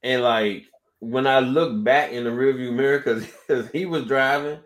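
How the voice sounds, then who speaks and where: A man co-hosting a podcast, telling a story in a casual, animated way and acting out the people in it. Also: mid-range voice, normal speed. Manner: animated storyteller, acts out quoted exchanges. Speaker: podcast co-host. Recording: roomy echo.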